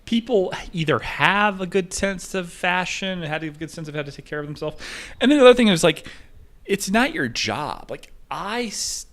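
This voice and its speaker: A man's voice: high-pitched, expressive, normal speed, fairly bright tone. A young man talking in a rambling, digressive monologue, jumping from topic to topic as he tells stories. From United States.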